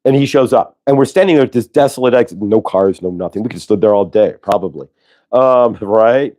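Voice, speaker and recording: A man's voice: fairly low pitch, fairly quick, dark tone. A middle-aged man hosting a show, telling a story casually with many fillers and asides. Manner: rambling, lots of fillers and asides. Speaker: host.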